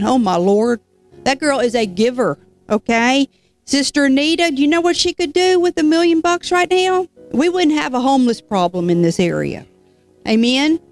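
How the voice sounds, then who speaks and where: A woman preacher delivering a conversational sermon, telling a story in a lively, folksy way and turning to the listeners with casual asides. Her voice sits fairly high, and soft music plays quietly behind her.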